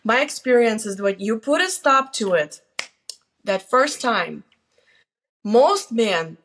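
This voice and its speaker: A woman's voice: fairly high pitch, lively intonation, takes it slowly, a bit bright, slight background noise. A middle-aged woman talking casually, telling stories and giving plain-spoken, earnest advice as a guest on her daughter's channel. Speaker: guest, host's mother. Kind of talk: casual conversation.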